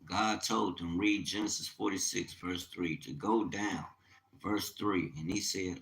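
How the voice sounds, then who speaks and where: A man's voice: sits low, unhurried, sharp tone, rough recording. A man teaching the Bible on a livestream, reading scripture aloud and commenting with urgent, emphatic preaching.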